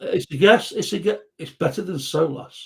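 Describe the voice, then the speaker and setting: A man's voice: a little high, normal speed, vocal fry, a bit bright. A British man hosting a casual live chat quiz, joking and reading out viewer comments. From Britain. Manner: jokey, reads viewer comments aloud. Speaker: host.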